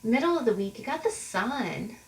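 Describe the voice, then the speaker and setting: At a moderate pace and a slightly high pitch, a very animated tarot reader speaks directly to her audience in a low-quality recording. Her reading is loose and conversational, peppered with fillers and repeated starts.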